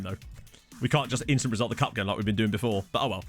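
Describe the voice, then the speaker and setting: A man's voice: on the low side, racing. A young man chatting casually and joking while playing a football management game, with game music faint behind. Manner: chatty, jokey, reacting to the match. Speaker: gaming channel host. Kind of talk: casual let's-play commentary. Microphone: desktop studio mic.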